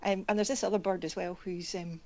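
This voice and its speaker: A woman's voice: fairly low pitch, fairly even intonation, a little fast, a little mellow, dull audio. A woman in a casual athletics chat, playful with many fillers. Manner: playful, hesitant.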